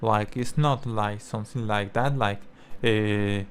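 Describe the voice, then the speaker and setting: A young man whose first language is Spanish, explaining language learning in halting English full of fillers and restarts. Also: lowish voice, steady tone, clean tone. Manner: halting, many fillers and restarts, non-native phrasing. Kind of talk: casual explanatory talk.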